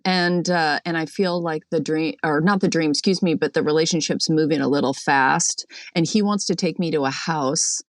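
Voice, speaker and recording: A woman calling in from a boat, telling her dream in a chatty, animated way with lots of fillers, acting out what people said. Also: sits low, moderate pace, hardly any pauses, dry recording, studio quality. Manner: chatty, animated storyteller, many fillers, acts out quotes. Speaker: caller. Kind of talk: recounting a dream on a call-in show.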